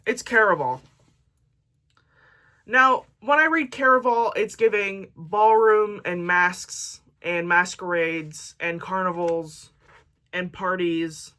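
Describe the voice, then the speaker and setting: A woman's voice: lowish voice, slow pace, sharp tone. A woman book vlogger chatting casually to camera, reading book blurbs aloud with jokey asides.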